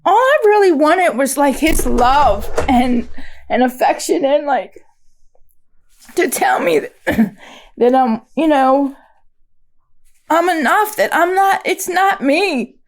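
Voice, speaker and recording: Podcast guest, woman, pitched a little high, halting and candid as she recounts her past. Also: animated. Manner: halting, many fillers and restarts. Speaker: guest sharing recovery story. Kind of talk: candid personal storytelling.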